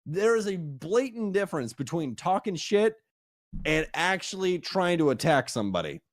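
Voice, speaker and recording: A man co-hosting a podcast rants emphatically and swears heavily in casual chat. His voice sits high and is very animated, at normal speed, recorded in studio quality with no echo.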